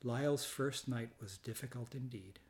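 A man narrating a children's storybook in a gentle, measured way. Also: mid-range voice, creaky. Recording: reading over loud background music.

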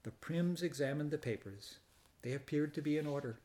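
A man narrating a children's storybook in a gentle, measured way. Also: a little high. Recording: reading over loud background music.

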